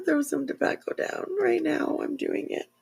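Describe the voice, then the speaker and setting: Woman host, casual home livestream, emotional and sniffly, slow husky-fried delivery. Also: sits high, fairly bright tone. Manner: emotional, tearful, rambling with many fillers. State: teary, sniffling.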